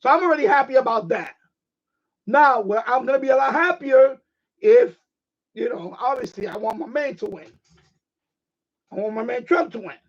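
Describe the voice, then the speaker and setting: A man's voice: extremely high pitch, expressive, moderate pace, long pauses. A man hosting a ham radio live stream, ranting in a casual, profane, emphatic way and repeating his points. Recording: dull lo-fi stream audio.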